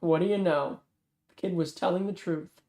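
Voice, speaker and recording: A reader voicing a calm, cold-blooded female killer who speaks in dry, matter-of-fact tones in a thriller read aloud. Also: medium pitch, moderate pace, natural voice.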